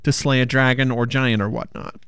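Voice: mid-range voice, fairly even intonation, normal speed, fairly bright tone, smooth, dry recording, clean studio sound, close to an everyday voice. A storyteller voicing a fed-up young princess who nags and complains. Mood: nagging. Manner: nagging, exasperated.

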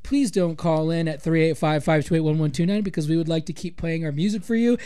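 A man hosting a community radio show, bantering with deadpan sarcasm. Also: a little high, fast, clean tone. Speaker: radio host.

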